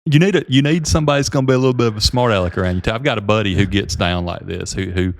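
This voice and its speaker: A man with a lowish voice chats quickly as podcast co-host. His talk is jokey and easygoing, and the words come out at a fast clip. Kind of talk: casual podcast chat.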